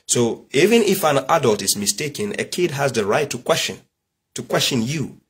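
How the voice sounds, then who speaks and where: A man's voice: mid-range voice, expressive, moderate pace, husky. A middle-aged man lecturing in an emphatic way, firing rhetorical questions and telling family stories. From Nigeria. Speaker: religious commentator. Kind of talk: preachy monologue.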